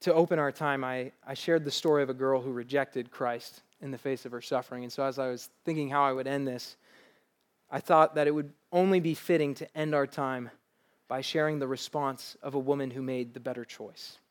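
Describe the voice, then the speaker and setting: A man's voice: medium pitch, steady tone, fairly quick. A male pastor preaching a sermon to a live congregation in a church, earnest and conversational, with light laughs.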